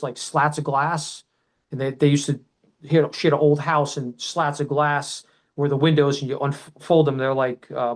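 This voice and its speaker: A middle-aged man, a podcast guest, telling an emotional personal story in a rambling way, full of restarts and loudly quoted shouting. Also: fairly high pitch, rough recording.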